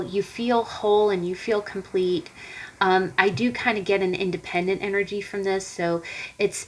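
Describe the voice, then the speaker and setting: A woman's voice: mid-range voice, low-quality recording. Rambling woman reading tarot cards. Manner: rambling and conversational, many fillers and repeated starts; speaks directly to viewers. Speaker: tarot card reader. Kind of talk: casual tarot reading to viewers.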